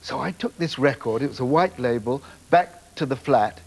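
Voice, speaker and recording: An older man, a TV producer, telling lively anecdotes on a talk show, acting out voices and laughing often. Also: mid-range voice, normal speed. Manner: animated storyteller, acts out voices, laughs often. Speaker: TV producer, guest. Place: TV studio.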